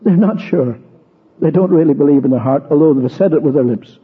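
A husky-voiced man, a bit high and brisk, delivers an expository sermon captured on a tinny, narrow-band old recording. He moves verse by verse, leaning on repeated words, before sharing a personal story.

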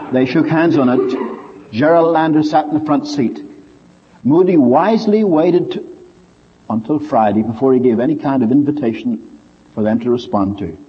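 A man preaching a sermon, telling a story with lively swings in his voice. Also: mid-range voice, normal speed, husky. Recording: dull lo-fi recording with long hall reverb.

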